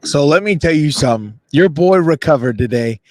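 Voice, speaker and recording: A man co-hosting a sports podcast, telling an excited, self-mocking story and acting out the other people in it. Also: on the high side, brisk, no echo, clean studio sound. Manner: animated, self-mocking, voices others in quotes. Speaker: podcast co-host. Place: radio row event booth.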